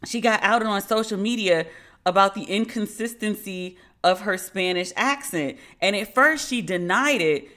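A woman's voice: mid-range voice, normal speed, bright, forceful tone. A woman hosting a podcast, telling a story in a candid, slangy and sardonic way. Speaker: podcast host. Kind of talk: casual storytelling monologue.

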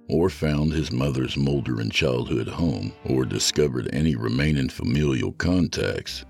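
A man reading a horror story aloud as a podcast host, in a slow, ominous storytelling manner. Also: a bass voice, creaky, darkish tone. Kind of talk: scripted horror narration.

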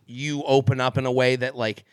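Speaking briskly in a level, medium-pitched voice that's clear and resonant, a man co-hosts a podcast in a dry, studio-quality recording. His casual talk wanders, packed with fillers and restarts, and he laughs often.

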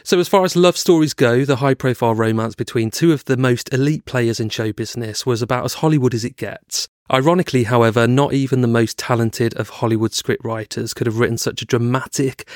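A man's voice: medium pitch, no echo, clean studio sound. A man co-hosting a podcast, chatting casually and swearing now and then, then reading scripted narration. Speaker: podcast co-host. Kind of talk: casual chat and read narration.

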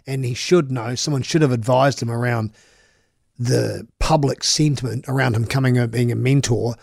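A man's voice: mid-range voice, steady tone, moderate pace, creaky, a little mellow, slightly rough, no echo, clean studio sound. A man, a sports radio host chatting casually and giving opinions with many restarts.

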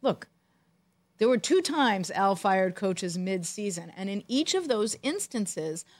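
Lady cohost telling a story, animated, deadpan jokes, casual podcast chat. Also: medium pitch, takes it slowly, no echo. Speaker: podcast co-host, former team executive.

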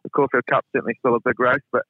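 A man with a New Zealand accent calling in as a guest, modest and measured. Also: mid-range voice, little pitch movement, husky, dry recording. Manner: modest, measured, many fillers. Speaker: racing stable hand, guest. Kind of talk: phone interview. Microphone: phone. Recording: tinny phone line.

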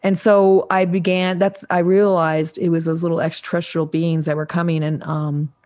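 A woman in her sixties tells a personal story on a podcast. Her voice sits a little on the low side, and she keeps it animated, slipping into the voices of the people she quotes. She often stops and restarts her sentences. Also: moderate pace. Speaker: podcast guest, psychic. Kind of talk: casual storytelling interview.

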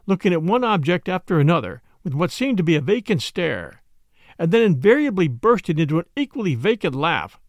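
A man narrating a story with a high, lively voice that swings widely in pitch. He tells it expressively, recorded dry and close with no room sound. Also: brisk, dry recording. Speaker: audiobook narrator. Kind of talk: scripted narration.

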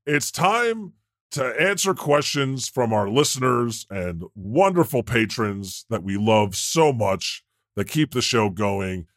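A man playing God as host of a comedy podcast, casual and deadpan as he plugs the show. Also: medium pitch, dry recording, clean studio sound. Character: God, a laid-back male deity hosting a podcast.

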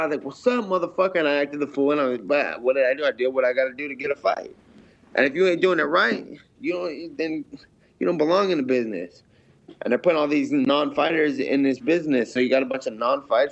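Brash, profane fighter on dull audio. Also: male voice, mid-range voice, creaky. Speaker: professional fighter. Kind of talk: casual interview talk.

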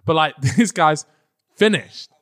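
A man's voice: a little high, animated, slow. A young man co-hosting a podcast, talking bluntly in casual banter with swearing and laughs. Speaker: podcast co-host. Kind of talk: casual chat.

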